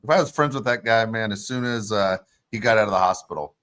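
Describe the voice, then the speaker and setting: A man's voice: lowish voice, fast, a bit bright, no room sound. A man co-hosting a casual podcast, joking and exasperated. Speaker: podcast co-host. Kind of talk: casual chat.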